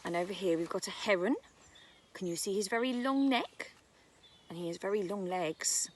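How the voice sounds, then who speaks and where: A woman's voice: mid-range voice, moderate pace, slight background noise. A British woman who teaches nursery, reading a picture book about birds to young children outdoors in a garden, using a sing-song storytime voice. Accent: British English.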